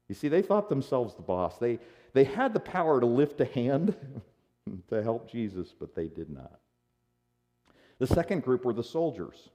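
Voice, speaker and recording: A man preaching in an animated, conversational style. His pitch moves a lot, rising and falling across phrases. The tone is mellow and relaxed. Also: muffled recording. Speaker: pastor. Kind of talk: sermon.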